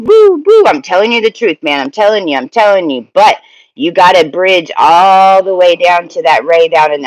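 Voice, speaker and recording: Brief: high-pitched male spiritual teacher, emphatic and repetitive. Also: a bit bright, rough recording. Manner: repetitive, emphatic, restarts phrases.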